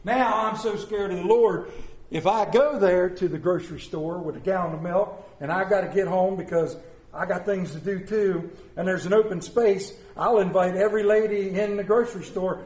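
A man preaching a sermon as pastor, folksy and animated, joking with the congregation. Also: sits high, moderate pace. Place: church sanctuary. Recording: echoey church room.

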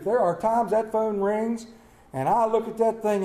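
Male pastor preaching an impassioned sermon, voice fairly high for a man, swinging between loud and hushed lines. The sound comes from an echoey church sanctuary with a roomy ring. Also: steady tone, unhurried.

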